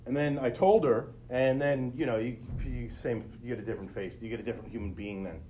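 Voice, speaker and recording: A man's voice: medium pitch, brisk, few pauses, mellow, slight background noise. Earnest man telling a personal story. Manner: earnest, conversational, explains to listeners directly. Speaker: podcast host.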